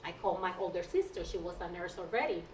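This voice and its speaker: A woman's voice: on the low side, fast, a little hiss or hum. Woman telling her story in a roomy hall. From Puerto Rico. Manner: lively storyteller with frequent restarts. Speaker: guest speaker, nurse. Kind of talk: personal storytelling talk. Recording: roomy sound from a distant mic.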